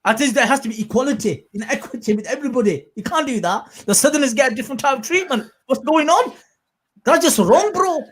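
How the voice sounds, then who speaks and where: A man hosting a podcast in casual chat, animated and quick to act out quotes in a raised voice. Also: very high voice, husky. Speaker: podcast host.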